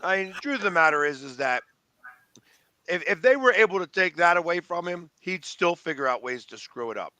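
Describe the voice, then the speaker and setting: Emphatic male sports co-host, bright tone, dry close sound. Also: high-pitched, lively intonation, brisk, no room sound. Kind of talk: casual sports talk.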